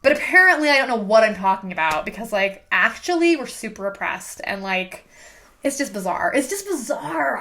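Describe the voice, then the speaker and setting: A woman's voice: mid-range voice, sharp tone. A young woman hosting a casual book review, ranting sarcastically with plenty of "like" fillers. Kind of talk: casual rant monologue.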